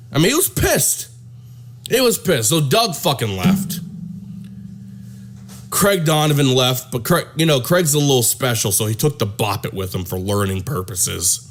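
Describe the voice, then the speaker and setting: A man telling a crude comic story, animated and profane, often repeating himself. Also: medium pitch, a little slow. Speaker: comedic storyteller.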